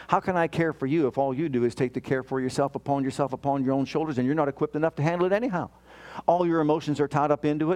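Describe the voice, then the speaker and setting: A man's voice: on the high side, darkish tone. A man preaching a sermon, reading scripture and dramatically voicing the prayers and complaints he quotes, often questioning his listeners. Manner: questions the congregation and reads scripture aloud.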